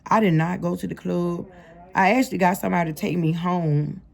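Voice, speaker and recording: A woman's voice: on the low side, fairly even intonation, a little fast, gravelly. A young adult woman telling her life story in a casual storytime monologue, slangy and speaking straight to her viewers.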